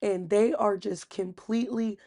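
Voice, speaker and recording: A woman casually recapping a reality TV episode, chatty and animated when she quotes people. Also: mid-range voice, a little slow. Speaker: recap host.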